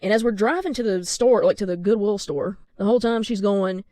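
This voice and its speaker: A woman's voice: medium pitch, fairly quick, dark tone, no room sound. A young woman telling a storytime tale in a chatty, exasperated way, with lots of fillers. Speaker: vlogger. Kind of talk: storytime vlog.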